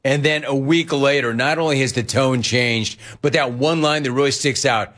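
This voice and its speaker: A man hosting sports talk radio, ranting in an animated way and mimicking other people as he talks. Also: mid-range voice, moderate pace, few pauses. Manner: animated, ranting, quoting others in mock voices.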